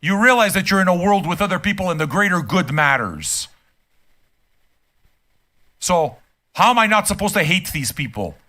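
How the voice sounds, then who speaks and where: A man's voice: sits high, sing-song, moderate pace, long pauses, sharp tone. An older man streaming a reaction and ranting casually from his room, profane, emphatic and heated. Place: home room.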